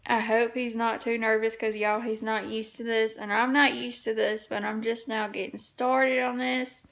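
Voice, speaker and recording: Gravelly woman vlogger. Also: on the high side, level tone, unhurried, a bit bright. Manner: chatty, tells stories to viewers. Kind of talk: casual cleaning vlog storytelling.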